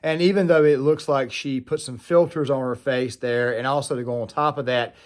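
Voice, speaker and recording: A man's voice: medium pitch, steady tone, normal speed. Conversational male political commentator. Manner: talks to viewers directly, with frequent fillers. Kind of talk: casual commentary monologue.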